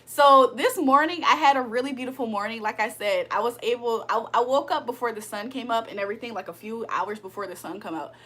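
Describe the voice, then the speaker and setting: A woman with a high, bright voice chats on a livestream. She hosts spiritual card readings but talks bluntly, swears freely and vents her annoyance at her audience. Her delivery is loose and unscripted. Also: fairly quick, few pauses. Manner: blunt, profane, annoyed venting with frequent laughs. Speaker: spiritual reader and livestream host. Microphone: streaming setup.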